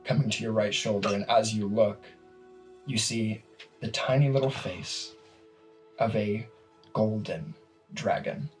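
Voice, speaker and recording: Male game master, unhurried, casual narration with fillers, faint music behind. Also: fairly low pitch, low-quality recording. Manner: slow, relaxed narration with filler words.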